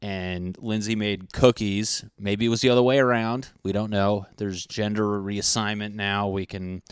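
A man's voice: fairly low pitch, steady tone, a little slow, clean tone, no room sound, studio quality. A young man chatting casually to his camera at home, rambling and swearing with self-mocking humor. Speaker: vlogger.

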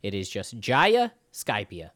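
A man co-hosting a casual podcast chat, animated and swearing freely, with lots of restarts. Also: fairly low pitch, takes it slowly, no room sound, clean studio sound. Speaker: podcast co-host. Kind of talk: casual chat about anime.

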